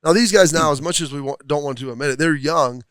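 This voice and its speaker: A man's voice: on the high side, quick pace, fairly bright tone, clear, resonant tone, no room sound. A man, a former football player, giving rambling, thoughtful casual sports talk in a restaurant studio. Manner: thoughtful, rambling, many fillers.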